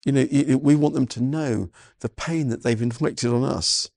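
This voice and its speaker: A man's voice: medium pitch, moderate pace, gravelly, darkish tone, no room sound, studio quality. A man preaching a sermon, earnest and full of stammered restarts and "you know" fillers. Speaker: pastor.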